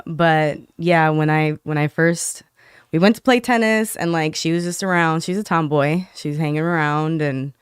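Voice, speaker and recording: Guest woman, soft-spoken and hesitant, smooth clear voice, dry close mic. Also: low-pitched, no room sound. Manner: soft-spoken, quick to laugh, hesitant with many ums. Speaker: podcast guest. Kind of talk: casual interview, personal testimony.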